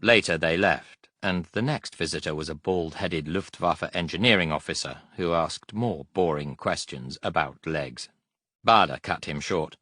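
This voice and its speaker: Low-voiced male audiobook narrator. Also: lively intonation, normal speed, sharp tone, no echo, studio quality.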